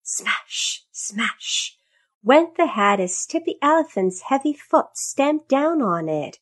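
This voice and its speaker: A woman reading a children's story aloud in a slow, expressive, sing-song manner. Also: high-pitched.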